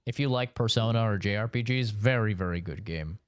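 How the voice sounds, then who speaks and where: Male game streamer, loose profane banter, smooth voice, dry close sound. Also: on the low side, a little fast, no echo. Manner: rambling, profane, answers chat with frequent "you know". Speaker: gaming streamer. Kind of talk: casual live-stream chat.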